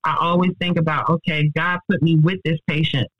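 A woman's voice: deep voice, flat delivery, dry recording, highs cut off. A woman ICU nurse, giving an earnest, faith-driven account of her work in an interview. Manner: earnest, heartfelt and faith-driven, quick and emphatic. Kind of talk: personal testimony in an interview.

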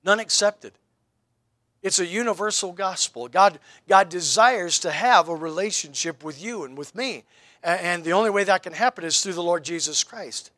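Male pastor, middle-aged, sermon delivery, high bright voice, wry questioning style, dry close sound. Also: expressive, moderate pace, no room sound. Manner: rhetorical questions, wry and emphatic.

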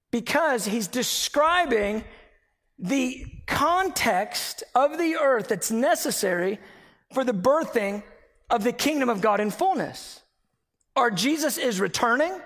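A man preaching a sermon, emphatic and animated as he tells a personal story. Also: extremely high pitch, unhurried. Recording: long hall reverb.

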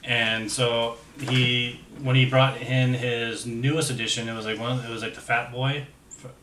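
A man on a podcast telling a story in a relaxed, halting way, with fillers and swearing. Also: mid-range voice, distant mic, a little hiss or hum. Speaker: podcast co-host. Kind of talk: casual storytelling chat. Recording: echoey room, somewhat off-mic, faint ambience.

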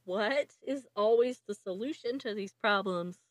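A woman co-hosting a podcast, trading quick quips in casual movie chat. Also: mid-range voice, dry recording. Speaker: podcast co-host.

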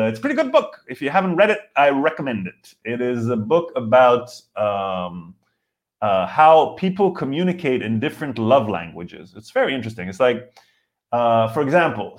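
Man in his forties, comedy podcast host, live rant, rambling delivery, medium pitch. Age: 40s. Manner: rambling, frequent restarts and fillers, acts out quotes.

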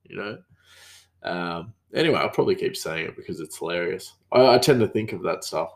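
A man's voice: low-pitched, lively intonation, fairly quick, vocal fry. A man hosting a podcast, telling work stories in a rambling, casual way with many restarts. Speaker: podcast host. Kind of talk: casual storytelling monologue.

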